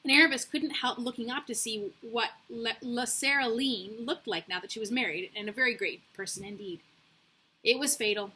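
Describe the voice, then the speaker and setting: A young woman reading a children's book aloud, relaxed and casual, catching herself on slips. Her voice sits fairly high and sounds bright, with a husky edge. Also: normal speed. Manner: relaxed, with slips and self-corrections. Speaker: reader.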